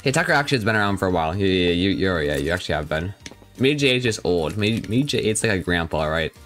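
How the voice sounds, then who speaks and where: A young man with a somewhat low voice chats casually on a game live stream. He jokes around and reads out his viewers' messages as he plays. Faint background music runs under his talk. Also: very animated, fast talker, fairly bright tone. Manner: chatty, joking, reads and answers viewer chat.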